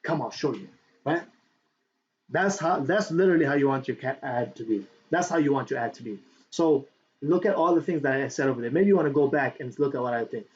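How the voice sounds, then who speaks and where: A brisk man with a mid-range voice teaches affiliate marketing in a laid-back video, talking a lot, repeating points and asking "right?" again and again. While speaking he animatedly reaches for books, and the dull lo-fi audio carries faint background noise.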